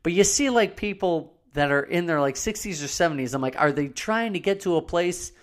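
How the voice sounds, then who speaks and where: A man's voice: on the high side, expressive, a little fast. A man co-hosting a casual chat, easygoing, telling rambling stories with restarts.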